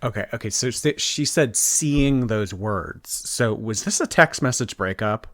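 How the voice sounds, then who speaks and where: A man with a fairly low voice gives animated, incredulous reaction commentary as a channel host. His voice sounds dry and close, with no room sound around it. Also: measured pace, no echo. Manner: animated, incredulous, laughs often.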